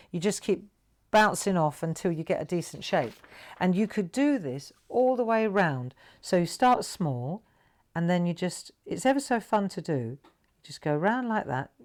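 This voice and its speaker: A woman with a notably low voice hosts a live craft tutorial. She chats warmly to her viewers as she draws, coaxing them along and checking they can follow. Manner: chatty, encouraging, talks to viewers while drawing. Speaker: craft show host.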